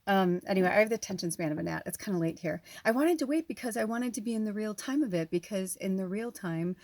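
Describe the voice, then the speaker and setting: A woman on the US West Coast making a casual vlog as a spiritual medium, chatting excitedly while unboxing a gift. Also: mid-range voice, quick pace, no echo. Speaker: spiritual medium and tarot reader. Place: at home, off-grid.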